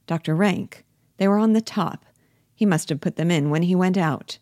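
A woman reading the part of Torvald Helmer, a genteel and condescending husband in a classic stage play, in a brisk, fussy manner. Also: lowish voice, mellow, no room sound, studio quality, close to an everyday voice. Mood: puzzled.

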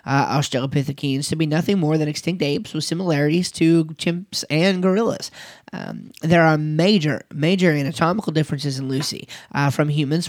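A man delivers a lesson in a relaxed, conversational way, often pausing on fillers and restarting his sentences. His voice sits a little high for a man. The sound is close and dry. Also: no room sound. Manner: conversational, with fillers and occasional laughs. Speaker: teacher. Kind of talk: recorded lecture.

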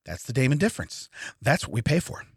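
A man co-hosting a podcast, telling a story in an animated rant, often laughing. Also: medium pitch, fast, husky, no echo, studio quality. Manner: animated ranting with frequent laughter. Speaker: podcast co-host. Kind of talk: casual comedic storytelling.

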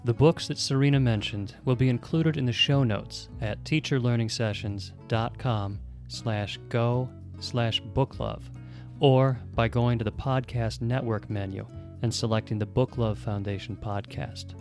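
A man reading podcast announcements in a clear, measured way. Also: medium pitch, steady tone, darkish tone. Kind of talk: scripted announcement. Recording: music bed under voice.

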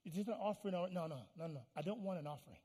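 A man preaching a sermon as pastor, pleading and repeating phrases, swinging from hushed tones to loud, fiery declarations. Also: high voice, racing. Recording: long hall reverb.

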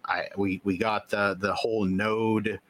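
A man's voice: fairly low pitch, level tone, measured pace, fairly bright tone. A man co-hosting a podcast in casual chat, teasing and mock-serious with dry humor. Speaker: podcast co-host.

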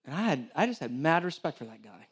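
A man preaching a sermon to a live church audience, animated storytelling with self-deprecating humor. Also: on the high side, quick pace, slightly rough.

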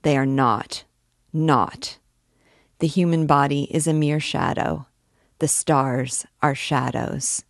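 A woman's voice: low voice, slow, dry recording, studio quality. A woman voicing a proud, fiery male archdeacon and alchemist who declaims his views in a grand manner, reading from a novel. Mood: fervent.

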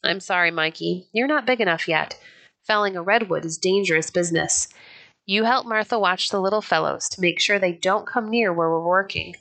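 A woman reading as a steady pioneer father. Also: fairly low pitch, moderate pace. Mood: gentle firm.

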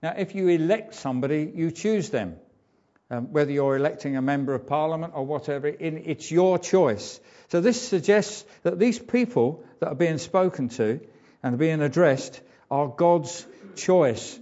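A man preaching a sermon in a conversational, halting way, full of ums and uhs. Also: on the high side, mellow, muffled recording. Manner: hesitant, frequent ums and uhs; conversational, informal asides.

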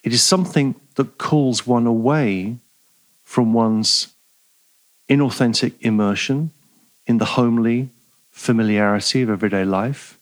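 A middle-aged man giving a scripted philosophy lecture in a measured way, repeating key phrases for emphasis. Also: mid-range voice.

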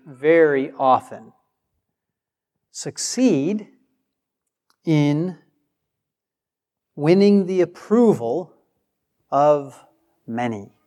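A man's voice: fairly high pitch, darkish tone. A man preaching a sermon with emphasis, acting out the replies he quotes. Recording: long hall reverb.

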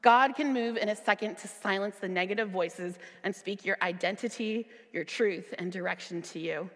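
A young woman worship leader giving a sermon with personal testimony, earnest and at times emphatic. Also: normal speed. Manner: earnest, rising to emphatic high peaks in retold dialogue. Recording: long hall reverb.

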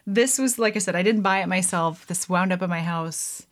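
A woman's voice: fairly low pitch, normal speed. Giggly rambling woman chatting to camera. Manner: giggly, rambling, self-deprecating, many "like"s and "um"s. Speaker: home cocktail vlogger. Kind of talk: casual chat to camera.

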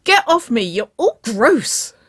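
A woman reading a story aloud and voicing a playful young woman who squeals and pleads in a high, giggly voice. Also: very animated, slow, no echo, clean studio sound, exaggerated voice. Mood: squealing protest.

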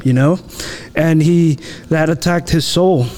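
A man's voice: on the high side, unhurried, darkish tone. A man co-hosting a casual faith discussion, retelling a Bible story and acting out the quoted lines, with frequent "you know".

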